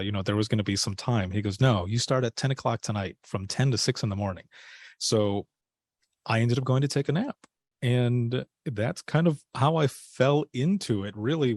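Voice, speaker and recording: A man's voice: medium pitch, darkish tone, no room sound, clean studio sound. A man telling a personal story in a casual interview, acting out the dialogue he quotes. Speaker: podcast guest, former dispatcher.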